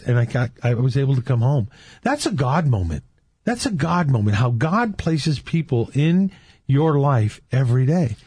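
A man, a Catholic men's ministry leader from California, telling faith stories with lively quoted dialogue in casual chat. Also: mid-range voice, breathy edge, no echo, clean studio sound.

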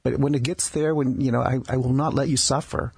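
Doctor guy on a radio show, super husky gravelly voice, keeps restarting his sentences. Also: mid-range voice, fairly even intonation, darkish tone, no echo. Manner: halting, with many restarts and repeated words. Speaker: palliative care doctor, guest. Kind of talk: conversational storytelling interview. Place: radio studio.

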